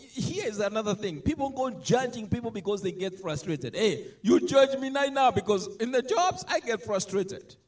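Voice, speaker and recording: A man preaching a sermon, animated, swinging between loud emphatic lines and soft asides. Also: high voice.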